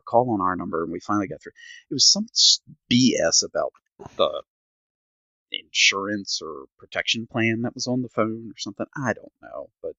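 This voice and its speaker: A middle-aged man co-hosting a podcast rants his way through a story in casual conversation, performing what others said. The low-pitched, bright, forceful voice is recorded dry, with no room sound, on a slightly dull podcast mic.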